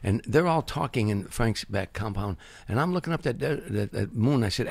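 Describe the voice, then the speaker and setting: Older male comedian guest, husky voice, acts out every character, dry close sound. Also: on the low side, normal speed, few pauses, dry recording. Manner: acts out other people's voices and sound effects, lively storyteller. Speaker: comedian guest telling stories. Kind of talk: animated anecdote telling.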